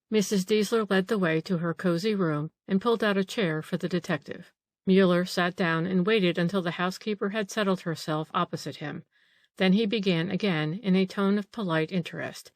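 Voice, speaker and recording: Low-voiced woman narrating an audiobook. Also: moderate pace, no room sound. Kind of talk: scripted narration.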